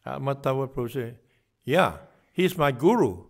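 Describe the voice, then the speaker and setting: A man's voice: medium pitch, expressive, moderate pace. Man telling devotional stories in a class. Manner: narrates with acted-out dialogue, frequent fillers and restarts. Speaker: guest speaker giving a morning class. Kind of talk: devotional storytelling lecture.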